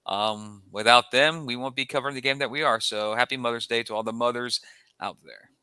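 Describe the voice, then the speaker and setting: Bright, crisp-voiced male podcast co-host. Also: mid-range voice, steady tone, fairly quick, no room sound. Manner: rambling storyteller with frequent restarts. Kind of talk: casual podcast chat.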